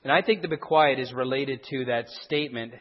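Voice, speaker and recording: Husky man teaching in an echoing hall. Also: mid-range voice, a little fast. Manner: explanatory, with frequent restarts and emphatic stresses. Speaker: Bible teacher. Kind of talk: verse-by-verse Bible teaching. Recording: dull sound with a long hall echo.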